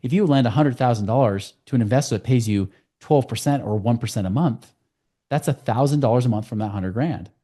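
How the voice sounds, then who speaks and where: A man speaking as a guest on a podcast interview, telling client stories in a quick, storytelling way. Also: medium pitch, dark tone. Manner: fast, storytelling with client anecdotes. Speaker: guest, financial coach.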